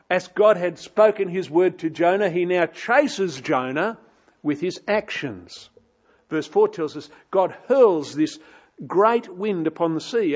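Aussie preacher guy telling a bible story, kinda high voice, dull lo-fi recording. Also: a little mellow. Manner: expository, dramatic, with rising and falling emphasis. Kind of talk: sermon.

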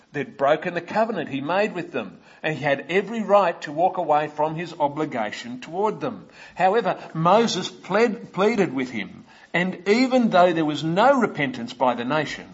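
A man with an Australian accent preaching an expository sermon in a measured, explanatory way, with many "uh" fillers and asides to the listeners. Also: a little high, slightly rough, muffled recording.

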